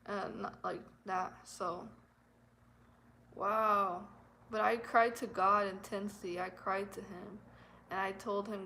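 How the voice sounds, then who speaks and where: A young woman telling a painful personal story on her vlog, emotional and halting, repeating herself with nervous laughs. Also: medium pitch, fairly even intonation, creaky, bright, forceful tone, slight background noise, rough recording. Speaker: vlogger.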